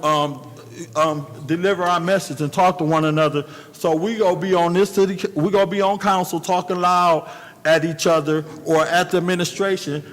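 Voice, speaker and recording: Man, council member, emphatic, plainspoken, slightly high voice, long echo of a council chamber. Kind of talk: formal meeting remarks.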